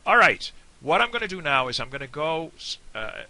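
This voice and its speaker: A man's voice: a little high, sing-song, brisk, bright, forceful tone. A man with an American accent giving a casual, digressive video lesson. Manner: chatty, digressive. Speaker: Irish language teacher.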